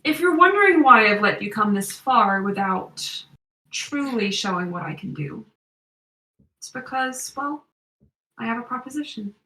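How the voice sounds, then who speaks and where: A woman voicing a scheming male wizard villain who talks in a smooth, persuasive, condescending way. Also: mid-range voice, slow, pauses often, fairly bright tone, echoey room, far from the mic, rough recording.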